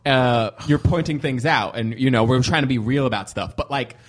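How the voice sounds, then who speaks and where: A man's voice: medium pitch, normal speed. A man co-hosting a casual comedy podcast, thinking aloud as he talks. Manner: thinking aloud, many fillers and restarts.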